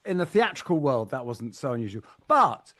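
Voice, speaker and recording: A man co-hosting a podcast, asking curious, quick questions in casual chat. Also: medium pitch, big pitch swings, a bit bright. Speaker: podcast co-host.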